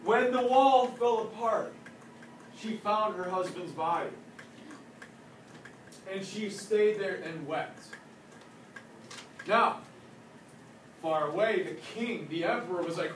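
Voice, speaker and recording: A man retelling a legend aloud in a casual, animated, joking way. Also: sits high, takes it slowly, long pauses. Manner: animated, playful, joking asides. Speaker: storyteller. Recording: echoey room from a distance, faint noise.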